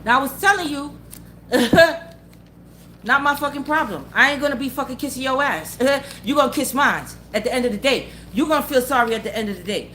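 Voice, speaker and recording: In this unscripted rant, a motivational vlogger with a high, animated voice speaks fairly quickly and sharply over slight background noise. Her talk is blunt and profane, repeating points and constantly checking whether the listener follows and agrees.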